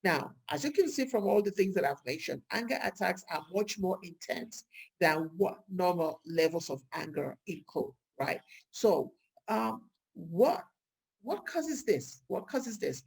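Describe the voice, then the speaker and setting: Brief: husky, gravelly woman vlogger, chatty and lively, full of rhetorical questions. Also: fairly low pitch, a little slow. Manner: lively, rhetorical questions, acts out quoted speech. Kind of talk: casual talk to camera.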